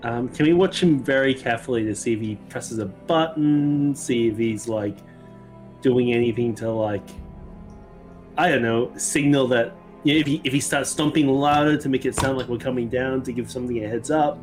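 A man's voice: medium pitch, normal speed, a little mellow, soft background music. A man player talking casually and asking questions during a tabletop game.

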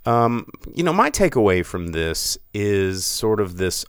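Sarcastic man with a smooth, dry voice. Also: fairly low pitch, unhurried, no echo. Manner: animated, sarcastic, mocking voices for others. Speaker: podcast host. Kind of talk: casual movie discussion.

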